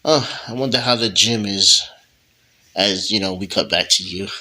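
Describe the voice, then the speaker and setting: A man with a fairly low voice tells a made-up story in relaxed slang, acting out bits of dialogue as he goes. The tone is very bright and sharp. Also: moderate pace, rough recording. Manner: slangy, animated, acts out dialogue. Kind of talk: casual improvised role-play storytelling.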